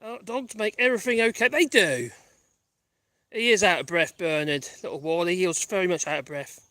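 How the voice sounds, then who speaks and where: Out walking his dogs in the countryside, this vlogger talks in a brisk, high-pitched voice that sounds bright and forceful. His easygoing chat wanders, turns wry, and drifts off topic. It was captured outside on a little phone microphone, and the recording is dry.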